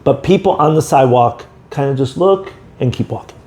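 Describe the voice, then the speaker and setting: A man's voice: mid-range voice, animated, brisk, warm tone. A man co-hosting a casual podcast, talking in a rambling way with lots of fillers. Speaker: podcast co-host. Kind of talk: casual chat. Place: indoor podcast room.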